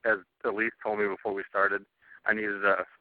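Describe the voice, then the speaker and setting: A man with a lowish voice and little pitch movement talks at normal speed, co-hosting a casual talk show. Cranky and swearing heavily, he rants about TV; the sound is tinny, phone-like, and dry with no echo.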